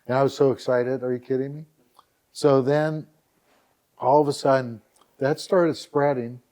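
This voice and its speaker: A middle-aged man from Northeast Ohio tells a story as a guest on a podcast. His voice is warm and mellow and sits in a middle pitch. He is animated and keeps acting out the lines of the people in his story. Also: measured pace. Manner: animated anecdote teller who acts out dialogue and keeps repeating "all of a sudden". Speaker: podcast guest, website founder. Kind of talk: casual storytelling interview.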